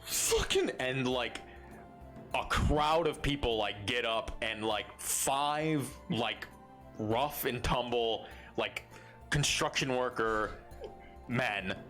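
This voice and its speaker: A man's voice: mid-range voice, takes it slowly, fairly bright tone, faint music behind. A man narrating a tabletop game as game master in a loose, filler-heavy way.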